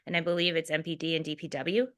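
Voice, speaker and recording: A woman chairs a community meeting in a brisk, procedural way. Her voice is bright and tense, pitched a little low. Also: little pitch movement.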